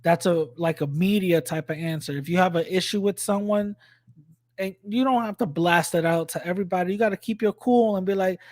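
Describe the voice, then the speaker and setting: A man's voice: high voice, a little fast, no room sound, clean studio sound. A man giving casual, slangy commentary on a clip he is playing, bluntly calling out claims point by point. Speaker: reaction commentator.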